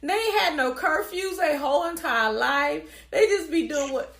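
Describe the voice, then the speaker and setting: A woman's voice: high-pitched, normal speed, gravelly, a bit bright. Blunt, profane woman in an echoey room. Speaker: podcast co-host. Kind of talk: casual chat.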